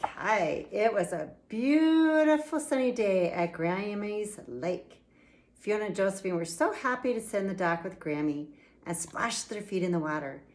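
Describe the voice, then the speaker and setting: A middle-aged woman with a mid-range voice, a children's author, reads her own picture book aloud. Her storytelling is slow, playful, and expressive.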